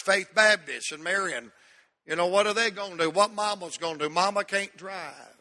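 In a church sanctuary full of long hall reverb, a pastor with a high, bright voice preaches to his congregation in a forceful tone. He tells a folksy story and stretches out key words for emphasis.

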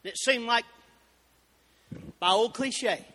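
A man preaching a fervent Baptist sermon, building up to shouted exclamations. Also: very high voice, moderate pace, pauses often. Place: church sanctuary. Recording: reverberant church hall.

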